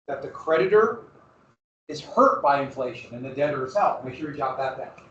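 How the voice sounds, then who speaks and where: A man's voice: mid-range voice, expressive, normal speed, a bit bright, muffled recording. A male history teacher giving a classroom lecture, posing questions to the students and then answering them himself. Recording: roomy classroom recording from far off.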